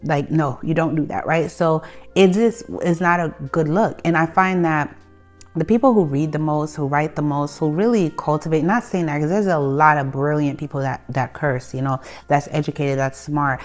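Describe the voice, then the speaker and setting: A young adult woman with a Haitian family background, talking bluntly and conversationally as she hosts a self-help video, with animated bursts and frequent restarts. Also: sits low, normal speed. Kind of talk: candid advice monologue. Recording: soft music behind the voice.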